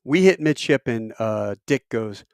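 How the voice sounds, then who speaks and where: Animated middle-aged man telling a story. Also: unhurried, vocal fry, no room sound, clean studio sound. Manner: animated, acts out quoted voices with big pitch jumps; self-deprecating, rambling with fillers. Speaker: military veteran storyteller. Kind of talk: casual storytelling.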